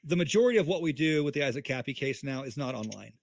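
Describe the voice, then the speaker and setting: A man's voice: mid-range voice, lively intonation, quick pace, creaky. A man in a heated livestream chat on a video call, talking in an angry, emphatic, profane way. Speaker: co-host.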